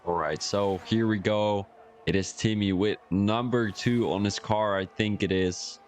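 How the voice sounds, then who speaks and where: Low-voiced man doing casual race commentary. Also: fairly even intonation, measured pace, slight background noise. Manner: rambling, joking, chatty asides. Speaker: sim racing league commentator.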